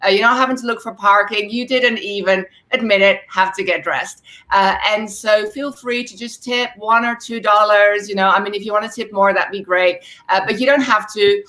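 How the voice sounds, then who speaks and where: A woman's voice: medium pitch, steady tone, moderate pace, hardly any pauses, bright, forceful tone. A woman hosting an online comedy show over a video call, chatty and laughing between lines.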